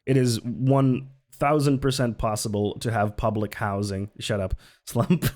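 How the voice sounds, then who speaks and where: A streamer giving sarcastic, laughing, animated commentary on a live stream. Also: medium pitch, measured pace.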